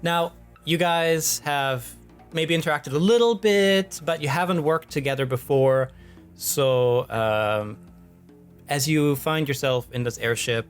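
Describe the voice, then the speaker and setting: A man narrating as game master in a relaxed, loose way, with many pauses and fillers. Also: a little high, smooth, faint music behind. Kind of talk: casual narration of a tabletop game.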